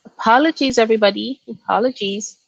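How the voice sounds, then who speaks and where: A young woman whose first language is Yoruba, hosting a casual live stream and reacting to chat with quick laughs. Her voice is dry and close on the mic, with no room sound. She talks in loose, chatty bursts. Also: a little high, creaky, dry recording, highs cut off. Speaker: book streamer hosting a reading check-in.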